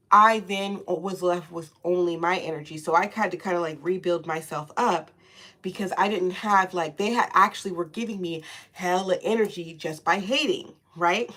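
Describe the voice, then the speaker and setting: A woman giving a casual spiritual tarot reading, loose and profane, laughing often and stretching out soft repeated words. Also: mid-range voice. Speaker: tarot reader.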